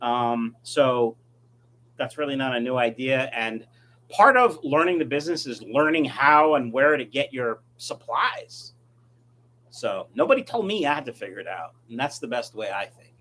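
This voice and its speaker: Reading out comments from his live chat, a middle-aged man who breeds fish on YouTube rambles casually through his replies. He speaks at a moderate pace in a mid-range, fairly bright voice with lively intonation.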